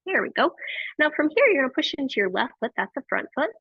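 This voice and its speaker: A woman teaching a yoga class, giving gentle and encouraging cues with frequent praise, on tinny phone-like audio. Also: high-pitched, very animated, fast talker, no room sound. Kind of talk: guiding a live yoga class.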